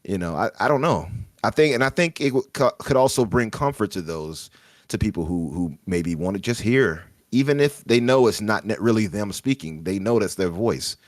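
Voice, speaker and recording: A man's voice: lowish voice, animated, normal speed, no room sound, studio quality. A man with a Chicago accent, chatting on a gaming podcast and musing aloud about chat comments, hesitant and thoughtful.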